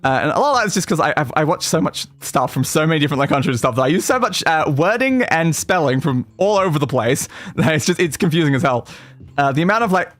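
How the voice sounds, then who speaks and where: A man's voice: a little high, lively intonation, fast talker, a bit bright, no echo. A man streaming a retro role-playing game, chatting casually and rambling with lots of fillers and restarts. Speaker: gaming streamer. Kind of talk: casual let's-play chat.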